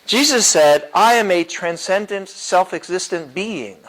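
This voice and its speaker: A man with a slightly high voice leads a church classroom lesson. He talks loosely and often chuckles, with plenty of fillers and false starts as he works through his points. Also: expressive, measured pace, a bit bright, rough recording. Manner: casual and chuckling, many fillers and restarts. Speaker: apologetics teacher. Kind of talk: classroom lecture.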